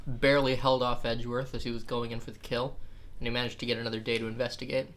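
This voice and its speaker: A woman's voice: rumbling low, flat delivery, quick pace, a little hiss or hum. A woman streaming a game, chatting casually and explaining things to viewers in a self-deprecating way. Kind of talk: casual gaming stream chat. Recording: game music clearly behind.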